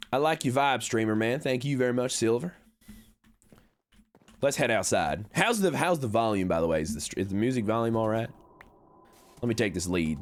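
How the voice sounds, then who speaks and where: Man, game streamer, showy cowboy con-man persona, folksy drawl-style talk, very lively pitch. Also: moderate pace, pauses often. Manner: folksy cowboy put-on talk, frequent high excited jumps. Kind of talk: in-character livestream chat, reading chat.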